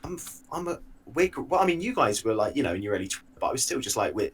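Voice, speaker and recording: A man's voice: medium pitch, very animated, fast, slightly rough. A man in his thirties co-hosting a podcast in casual chat, telling stories with dry asides and frequent restarts. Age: 30s. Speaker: podcast co-host.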